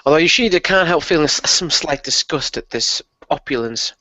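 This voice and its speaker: A man playing a tabletop role-play game, describing his character with a quick delivery. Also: on the high side, expressive, no echo. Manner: quick, bright delivery, laughs easily. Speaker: player. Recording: dry, slightly muffled close mic.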